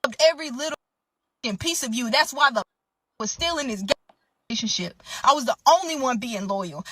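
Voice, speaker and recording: Speaking in a high voice, a young woman recounts an emotional story with animated indignation, often calling out to her audience as "y'all."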